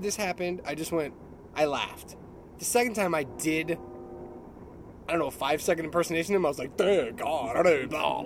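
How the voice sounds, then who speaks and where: A man's voice: high-pitched, slight background noise. A middle-aged man telling a story in casual chat, laughing often and mimicking other people's voices. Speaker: podcast co-host.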